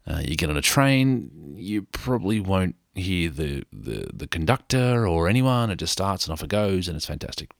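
Gravelly deep-voiced Australian man. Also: sing-song, moderate pace, hardly any pauses, dry recording, studio quality. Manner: rambling, joking, self-mocking. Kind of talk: casual storytelling monologue.

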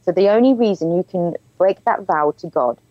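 A woman's voice: fairly low pitch, normal speed, no room sound, muffled recording. A woman telling her own story as an interview guest, candid and frank, often breaking into laughter. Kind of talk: personal storytelling in conversation.

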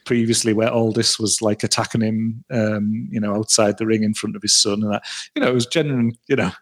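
A man's voice: lowish voice, fairly even intonation, a little fast, husky. A man co-hosting a casual podcast, rambling with many restarts and fillers. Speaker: podcast co-host. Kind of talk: casual wrestling review chat.

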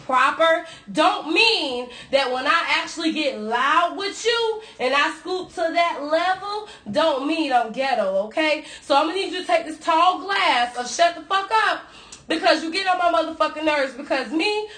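A New York woman co-hosting a podcast, ranting loudly with lots of swearing in casual chat. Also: high-pitched, normal speed, reverberant. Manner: loud, profane, animated ranting. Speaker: podcast co-host.

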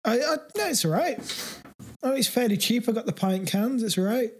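Man, high-pitched voice, deadpan, casual podcast chat. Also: fairly quick.

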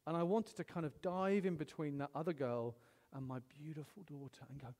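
A middle-aged man preaching a sermon, animated, swinging between loud exclamations and hushed storytelling. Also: fairly high pitch, a little fast, in a large hall.

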